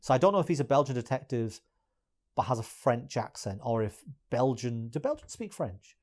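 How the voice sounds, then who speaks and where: A man's voice: mid-range voice, very animated, moderate pace, darkish tone. A man giving exasperated, swearing video essay commentary as a YouTuber.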